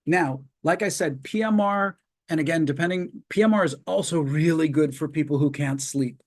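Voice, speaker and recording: The speaker is a male psychologist leading a webinar, and his voice sits a little high. Over a video call, he calmly guides progressive muscle relaxation, pacing his step-by-step cues slowly with lengthy pauses.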